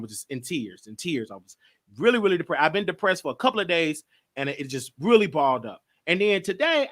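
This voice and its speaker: A man's voice: fairly high pitch, bright, forceful tone. A man hosting his own show, talking in a rambling, emotional, repetitive way about his feelings and his mental health. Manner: emotional, rambling, repeats himself. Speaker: host. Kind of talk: casual monologue.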